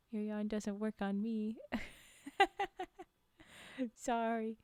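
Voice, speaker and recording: Chatty young woman streamer, smooth voice. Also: a little high, no room sound. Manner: chatty, giggly, animated asides. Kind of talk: reading spooky stories aloud on a live stream, chatting with viewers.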